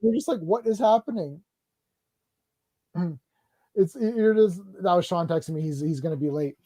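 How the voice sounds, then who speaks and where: Recorded cleanly in a studio with no echo, a stream host with a fairly high voice talks movies at a brisk clip. He's rambling and animated, loaded with fillers, and he raises his voice to act out scenes.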